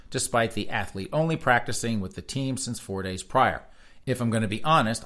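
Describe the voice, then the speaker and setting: A man hosting a talk show, reading news articles aloud and breaking off into sarcastic, mocking asides. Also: on the low side. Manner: sarcastic, mocking asides between read-outs; reads articles aloud in a flat news cadence. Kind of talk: casual commentary reading headlines aloud.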